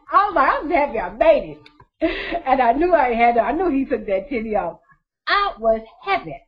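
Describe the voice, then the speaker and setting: A woman's voice: high voice, expressive, moderate pace. A woman telling her story casually to her viewers, blunt and profane, laughing often. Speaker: vlogger. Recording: dull lo-fi recording.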